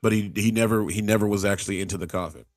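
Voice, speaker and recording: A man's voice: lowish voice, steady tone, racing, a little mellow, no echo, clean studio sound. A man hosting a podcast in casual chat, rambling through stories and acting out the people in them. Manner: rambling storyteller who acts out quotes, many restarts. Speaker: podcast host.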